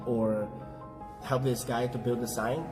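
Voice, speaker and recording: Man in his 20s, mid-pitched, halting answers, music playing behind. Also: little pitch movement. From India. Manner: halting, searching for words. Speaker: sign business worker interviewed. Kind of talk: casual interview. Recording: clear background music.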